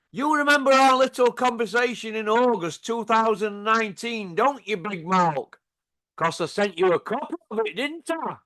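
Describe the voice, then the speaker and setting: A man's voice: very high voice, sharp tone. A man with a Yorkshire accent delivering a sarcastic, taunting rant to camera, full of rhetorical tag questions. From Yorkshire, England. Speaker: channel host.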